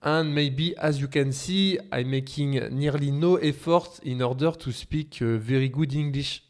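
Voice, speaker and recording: A man's voice: on the high side, close to an everyday voice. Man putting on a lazy French speaker of English. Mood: offhand. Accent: heavy French. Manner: halting, hesitant, full of fillers.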